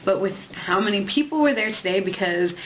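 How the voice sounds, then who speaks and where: A woman's voice: medium pitch, expressive, a little fast, a little hiss or hum, low-quality recording. A woman in her twenties venting casually to her webcam, chatty and full of "like" and swearing. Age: 20s. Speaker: vlogger.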